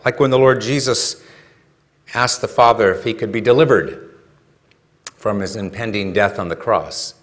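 Conversational male preacher, low voice. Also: normal speed, pauses often, fairly bright tone. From California. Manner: conversational, rhetorical questions, builds to emphatic peaks. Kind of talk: sermon.

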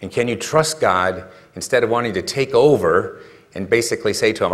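Brief: male pastor, low-pitched, relaxed chat style of sermon that swells into emphatic questions. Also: fairly quick. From California. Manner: conversational, rhetorical questions, builds to emphatic peaks. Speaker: preacher.

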